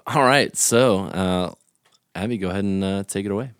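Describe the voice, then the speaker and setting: Brief: deep-voiced male podcast host, teasing and upbeat, dry close sound. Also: normal speed, clear, resonant tone, no room sound. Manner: playful, teasing. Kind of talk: casual interview.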